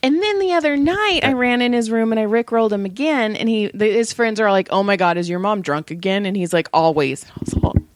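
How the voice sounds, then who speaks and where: A woman co-hosting a podcast, chatting casually and telling profane, animated stories. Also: fairly high pitch, quick pace, hardly any pauses, dry recording. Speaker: podcast co-host. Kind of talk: casual chat.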